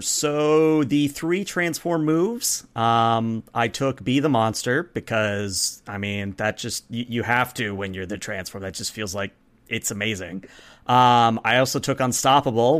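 A man of middling pitch talks through his tabletop character in easygoing chat. He rambles, corrects himself and slips in jokes as he goes. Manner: rambling and self-correcting, joking, quick to laugh. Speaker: tabletop game player. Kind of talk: casual chat about building a character.

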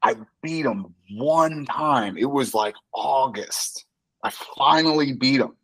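A man with an average-pitched voice hosts a casual podcast. He talks in an animated way, stacking filler words and laughing as he goes. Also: slow pace, poor audio. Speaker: podcast host, wrestling coach.

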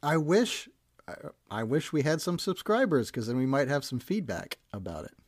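A man's voice: medium pitch, very animated, moderate pace, dry recording. A man co-hosting a casual podcast who rambles and laughs at his own jokes. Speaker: podcast co-host and editor.

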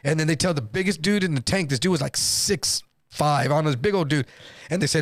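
A man from Texas, a guest comedian, telling a story in an animated, profane, slang-heavy way. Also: on the high side, a little fast, dry recording, studio quality. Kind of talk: casual storytelling.

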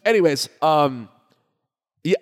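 A man's voice: a little high, takes it slowly. A man co-hosting a podcast, chatting casually and telling stories while acting out what his friends said. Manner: animated, acts out quoted friends. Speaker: podcast co-host. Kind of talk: casual chat and storytelling. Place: echoey room. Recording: echoey room with long reverb.

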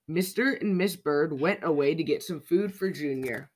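A podcast storyteller reading a children's picture book aloud with a lively, expressive delivery. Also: mid-range voice, normal speed.

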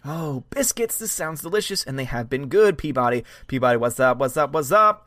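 Recorded in studio quality with no echo, a man with a medium-pitched, slightly bright voice hosts a live stream, speaking a little fast and expressively. In casual chat, he greets viewers by name with animation and answers their comments.

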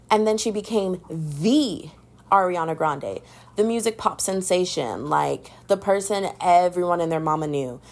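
A young woman hosting a podcast, chatting in a sassy, animated way about pop culture and calling the listener "babes.". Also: on the low side. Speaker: podcast host. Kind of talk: casual pop-culture gossip commentary.

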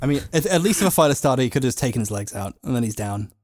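A man's voice: mid-range voice, expressive, racing, a little mellow, no room sound, clean studio sound. A man co-hosting a podcast, chiming in with wry jokes in casual chat. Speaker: podcast co-host.

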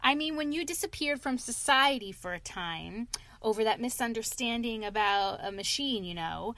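A woman's voice: fairly high pitch, animated, moderate pace, a bit bright, dry recording. A woman voicing a sensible male water rat who lectures his friend earnestly in a storybook reading. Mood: storytelling.

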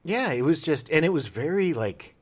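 A man's voice: a little high, normal speed, husky. A man co-hosting a podcast in casual, rambling, jokey chat. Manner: rambling and jokey, with animated tangents. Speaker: podcast co-host.

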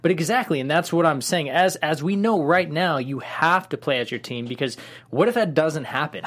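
A man's voice: fairly high pitch, normal speed. A man co-hosting a podcast, chatting casually and talking in an agreeable, eager way. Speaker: podcast co-host. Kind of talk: casual chat.

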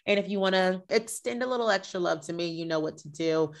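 A woman's voice: fairly low pitch, fast. A woman hosting a podcast, chatting casually and gossiping with lots of energy. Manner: animated, gossipy, shifts into mock voices. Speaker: podcast host. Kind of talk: casual chat.

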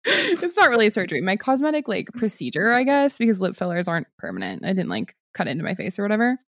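A woman's voice: mid-range voice, huge pitch swings, fast talker, gravelly, no echo, studio quality. A young woman co-hosting a podcast, chatting casually with a friend, giggling and using lots of fillers. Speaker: podcast co-host. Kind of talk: casual chat.

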